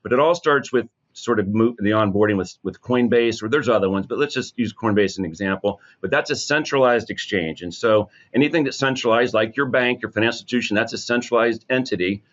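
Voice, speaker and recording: A man's voice: lowish voice, brisk, hardly any pauses, fairly bright tone, muffled recording. A man as a guest advisor in a podcast interview, answering confidently and upbeat with many restarts.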